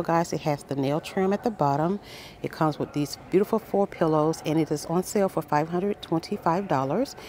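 A woman with a lowish, mellow voice walks through a large furniture store with her phone, excitedly reading out sale prices. She chats with her viewers the whole way, gushing over the bargains. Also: slight background noise. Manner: excited, reads prices aloud, addresses viewers as guys. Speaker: shopping vlogger. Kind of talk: casual store walkthrough.

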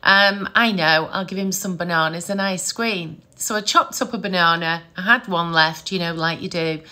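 Bright chatty middle-aged woman. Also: fairly low pitch, moderate pace. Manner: chatty, animated, laughs often. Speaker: psychic medium. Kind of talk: casual storytelling to camera.

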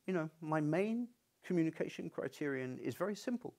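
A man's voice: a little high, animated, brisk, a little mellow. A man giving a university lecture in a conversational, unscripted way, often restarting his sentences. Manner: conversational, stubborn-toned, frequent restarts.

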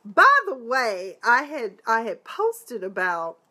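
A woman reviewing a TV episode in a casual live chat, animated and sassy, with lots of exclamations. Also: on the high side, takes it slowly. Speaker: TV show reviewer.

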